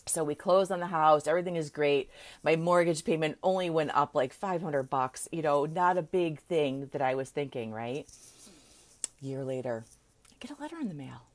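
A woman's voice: deep voice, lively intonation, normal speed. A middle-aged woman coach chatting casually on a live video, laughing often and checking in with "right?". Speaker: manifestation coach.

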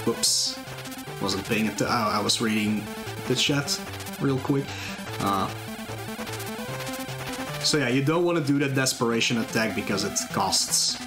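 A man casually explaining a video game as he plays it live, chatting with viewers between moves. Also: mid-range voice. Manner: relaxed, explains as he plays, glances at chat. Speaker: speedrunner. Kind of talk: live commentary while playing. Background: game music.

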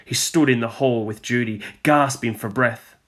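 Male teacher reading a storybook aloud. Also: moderate pace. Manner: expressive storytelling, drops low on speech tags.

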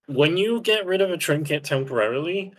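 A man's voice: on the high side, expressive, a little fast, a bit bright. A young man streaming a video game live, bossily instructing a teammate and swearing when frustrated. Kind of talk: live gameplay chat.

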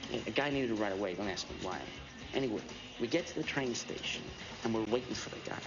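An actor playing an edgy young man telling a profane, animated drug-deal story. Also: on the low side, fast, lightly acted. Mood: tense. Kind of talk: film dialogue. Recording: dull film audio with music underneath.

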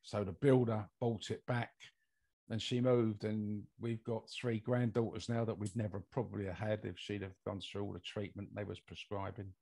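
A man's voice: on the low side, flat delivery, normal speed, creaky, dark tone, husky. An older British man, a guest on an interview podcast, telling a long personal story in a rambling way with lots of fillers. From United Kingdom. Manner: rambling anecdotal delivery with many fillers. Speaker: guest, mold investigator.

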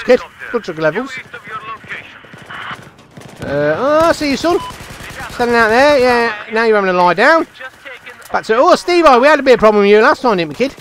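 A young man giving excitable, chatty commentary over his own game, talking to himself and his teammates. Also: sits high. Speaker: gaming channel host. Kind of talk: live gameplay commentary.

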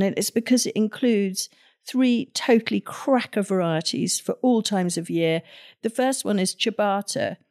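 A woman's voice: medium pitch, darkish tone. Older woman, podcast host, keen and emphatic, easy chatty way of talking. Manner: enthusiastic, emphatic. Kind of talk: casual gardening chat.

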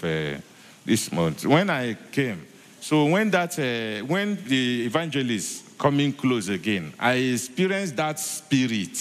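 A man giving a church testimony, halting, repeating himself and filling with many hesitations. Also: mid-range voice. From Nigeria. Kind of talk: spoken testimony. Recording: echoey church hall.

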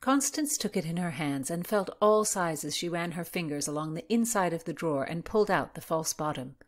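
A woman reading historical fiction aloud in a measured, expressive narration. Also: lowish voice.

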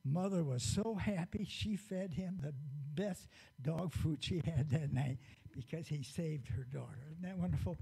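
A man telling a story to children at a church service, gently asking them questions along the way. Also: on the high side, unhurried, vocal fry, slightly rough, low-quality recording.

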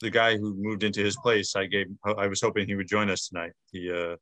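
Man, low voice, dry sound, casual moderator, halting with fillers, video call. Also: little pitch movement, pushed and bright, no room sound. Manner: hesitant, with frequent fillers and restarts. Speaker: meeting moderator.

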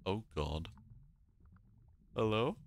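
A man's voice: fairly low pitch, animated, very slow. A man giving casual commentary while playing a video game, joking, rambling and swearing at what happens on screen. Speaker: let's play gamer.

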